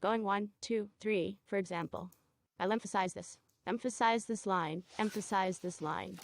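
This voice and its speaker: A woman teaching a cosmetology procedure, guiding a student step by step and checking in with quick questions. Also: mid-range voice, vocal fry, no room sound. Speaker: cosmetology instructor. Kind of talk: hands-on training demonstration.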